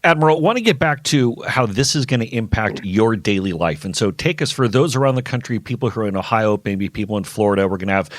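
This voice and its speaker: A man's voice: on the low side, animated, quick pace, hardly any pauses, dry recording. A man co-hosting a talk radio show, speaking in an upbeat, direct way as he introduces and questions a guest. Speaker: co-host.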